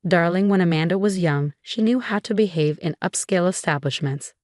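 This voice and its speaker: A woman's voice: lowish voice, brisk, darkish tone, no echo, clean studio sound, lightly acted. A woman voicing a disdainful, condescending older mother-in-law. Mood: haughty. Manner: condescending, haughty.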